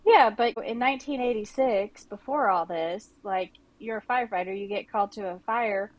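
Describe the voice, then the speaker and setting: A woman's voice: mid-range voice, moderate pace, lo-fi sound. A middle-aged woman co-hosting a podcast, chatty and casual, with many "like"s and "you know"s. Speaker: podcast co-host.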